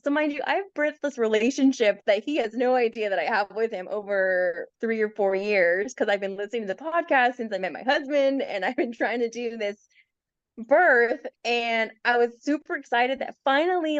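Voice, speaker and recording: Lively laughing woman telling a story. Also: a little high, no room sound, lo-fi sound. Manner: animated storyteller, laughs often, acts out quotes. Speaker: podcast guest. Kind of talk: casual birth story chat.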